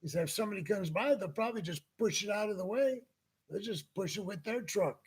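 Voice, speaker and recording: A man's voice: high-pitched, expressive, fast talker, husky. A man hosting a casual talk show, telling a long anecdote and acting out the people in it. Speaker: podcast host. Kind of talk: casual storytelling chat.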